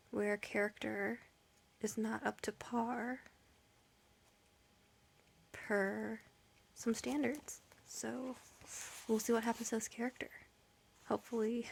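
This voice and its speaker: Giggly, whispering woman with vocal fry. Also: a little high, a little hiss or hum. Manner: giggly, rambling, often whispering. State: tired. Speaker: book vlogger. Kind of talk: late-night casual reading vlog. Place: at home late at night.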